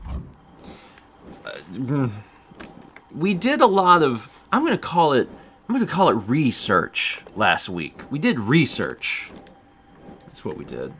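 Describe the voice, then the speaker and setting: A man's voice: medium pitch, wildly swooping pitch, slow pace, long pauses, fairly bright tone, slight background noise. A man chatting casually on a game stream, rambling and amused, with frequent fillers and asides.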